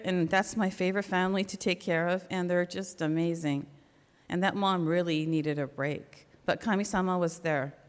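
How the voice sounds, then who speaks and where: Woman, middle-aged, earnest conversational church talk, medium pitch, long hall reverb. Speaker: church member giving a talk. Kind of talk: personal faith talk at a memorial service.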